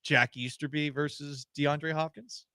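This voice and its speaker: A man's voice: a little high, fairly even intonation, a little slow, pushed and bright, no room sound, clean studio sound. A man hosting a sports radio show, chatting casually, often laughing and letting his voice drop to a mumble. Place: radio studio. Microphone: studio mic.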